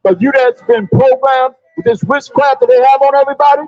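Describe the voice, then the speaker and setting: Guy street preaching loud on the sidewalk, high voice, dry lo-fi sound. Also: steady tone, a little fast, dry recording. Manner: loud, preachy, calls on a reader and repeats the verses. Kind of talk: open-air street preaching. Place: outdoors on a busy city sidewalk.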